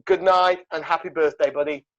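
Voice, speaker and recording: A man's voice: a little high, steady tone, a little fast, muffled recording, a crowd in the background. A man hosting a podcast, wrapping up with a loose, rambling sign-off full of fillers. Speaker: podcast host. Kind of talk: casual sign-off.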